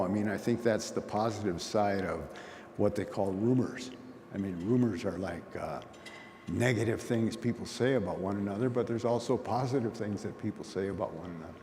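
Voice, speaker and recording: Man, low mellow voice, folksy storyteller at a conference, long hall reverb, faint hiss. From Oneida community. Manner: storytelling, folksy, plain-spoken. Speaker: conference speaker. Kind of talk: conversational talk.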